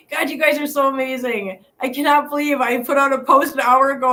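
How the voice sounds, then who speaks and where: A woman's voice: high-pitched, fairly even intonation, moderate pace, bright, forceful tone, low-quality recording. Earnest woman streaming live. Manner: heartfelt, earnest, laughs often. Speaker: channel host. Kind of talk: live stream chat with viewers. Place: hotel room.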